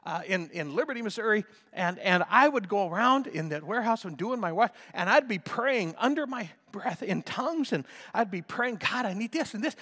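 Older preacher man with a lively, bright voice. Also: high voice, moderate pace, few pauses, big-room sound. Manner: impassioned, shifts between hushed and shouting. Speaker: pastor. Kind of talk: sermon.

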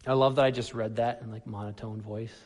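A man preaching a sermon, animated, swinging between loud emphasis and soft asides. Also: mid-range voice, a little fast, long reverb tail. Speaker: pastor.

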